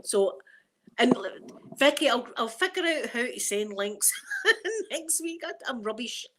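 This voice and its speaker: A woman's voice: on the high side, lively intonation, unhurried, noisy background. Scottish lady, middle-aged, casual livestream chat, lots of laughing and hellos to viewers. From Scotland. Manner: chatty, laughing often, talking to viewers by name. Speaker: ASMR livestream host.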